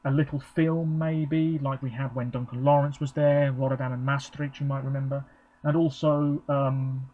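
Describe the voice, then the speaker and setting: A man's voice: medium pitch, level tone, normal speed. Rambling man, muffled recording. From England. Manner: rambling, chatty, frequent ums. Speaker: vlogger. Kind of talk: casual live reaction commentary.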